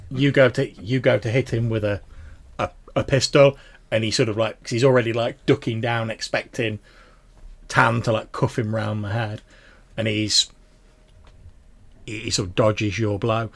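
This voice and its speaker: A man's voice: medium pitch, vocal fry. A man narrating a tabletop game as game master in a chatty, filler-heavy way.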